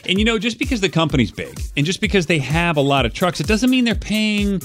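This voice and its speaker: A man hosting a radio morning show, talking fast and joking with callers and co-hosts. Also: sits high, very animated, fairly bright tone, faint music behind. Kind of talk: upbeat radio banter. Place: radio studio. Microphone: studio microphone.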